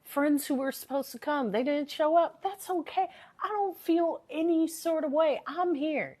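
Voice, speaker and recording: A woman's high, slightly mellow voice carries an unhurried, casual live-stream chat. She is earnest and motivational, repeats phrases for emphasis, and sounds a little worn as she recovers from a sore throat.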